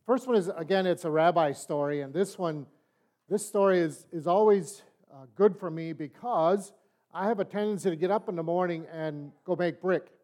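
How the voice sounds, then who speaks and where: An older man teaching a Bible study in a relaxed, folksy, conversational way, telling stories. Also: high-pitched, moderate pace. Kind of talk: sermon-style storytelling and teaching.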